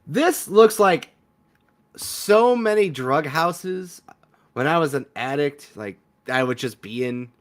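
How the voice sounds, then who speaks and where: A man's voice: a little high, lively intonation, slow. Chatty, profane man streaming a game. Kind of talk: let's play commentary.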